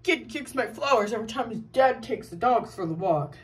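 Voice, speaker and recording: A woman's voice: a little high, animated, fairly quick, far from the mic, voice pushed down, close to an everyday voice. A woman voicing a blunt young female neighbor who swears casually.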